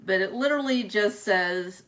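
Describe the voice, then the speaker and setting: A woman's voice: medium pitch, moderate pace, a bit bright. A young woman chatting casually through an unboxing video, laughing often between her remarks. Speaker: vlogger reviewing a product.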